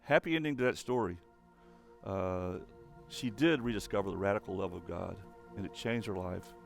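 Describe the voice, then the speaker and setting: Earnest youth pastor, gravelly man's voice. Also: low-pitched, normal speed, soft background music. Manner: earnest, speaks straight to teens. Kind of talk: online youth sermon.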